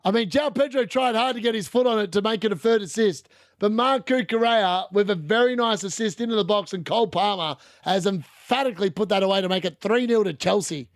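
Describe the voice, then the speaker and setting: A high-voiced man talks through a live fantasy football watchalong, chatty between plays and loud and excited at every goal. His voice sits close and dry against the mic, with no room around it. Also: a little fast, dry recording. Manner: excitable, shouting at goals, chatty asides.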